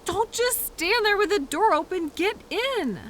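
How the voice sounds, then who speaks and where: A woman's voice: very high-pitched, animated, a little slow, background noise. A young woman performing a scripted audio role-play as a coworker who finds the listener in a blizzard, fussy and scolding, then apologetic, with quirky mild exclamations.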